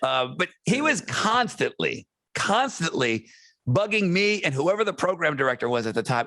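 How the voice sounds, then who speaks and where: Middle-aged guy cohosting a podcast, bright punchy voice, dry close sound, just chatting. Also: a little high, very animated, moderate pace, dry recording. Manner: loose, chatty, reads listener messages aloud. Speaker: podcast co-host. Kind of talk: casual chat.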